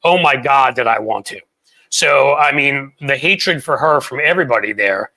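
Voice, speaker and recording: A man's voice: medium pitch, expressive, moderate pace, pushed and bright. A man in his forties hosting a casual political chat show, blunt and profane, rambling through his stories. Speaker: host.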